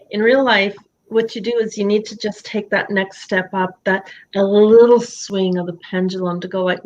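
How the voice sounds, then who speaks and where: A woman's voice: medium pitch, normal speed, hardly any pauses, highs cut off. A woman coaching a client in a live session from her home office, talking expressively and acting out quoted thoughts in other voices. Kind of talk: candid coaching conversation.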